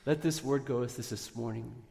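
Pastor guy preaching, earnest and prayerful, mid pitch, long church reverb. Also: a little fast, creaky. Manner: earnest, prayerful, rises in emphasis then softens. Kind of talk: Easter sermon.

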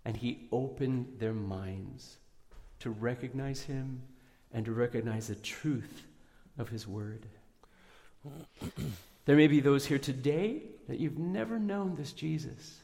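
A man pastor giving an Easter sermon in a church, earnest and prayerful, pushing up for emphasis and then going soft. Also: medium pitch, takes it slowly, gravelly, in a large hall.

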